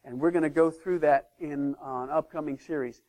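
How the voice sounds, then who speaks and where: A man preaching a sermon as pastor of his church, emphatic, swinging between loud declarations and hushed asides. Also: on the high side, fairly even intonation, moderate pace.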